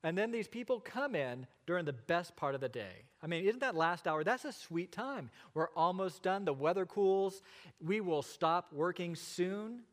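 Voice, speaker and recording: A middle-aged male pastor preaching a sermon, asking rhetorical questions and pausing for effect. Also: high-pitched, expressive, fairly bright tone, in a large hall. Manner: expository preaching with rhetorical questions and dramatic pauses.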